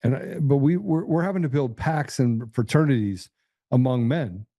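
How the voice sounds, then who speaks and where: A man's voice: mid-range voice, normal speed, mellow, dry recording, clean studio sound. A man hosting a political talk show, speaking bluntly and combatively, often repeating and restarting his words. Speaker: podcast host.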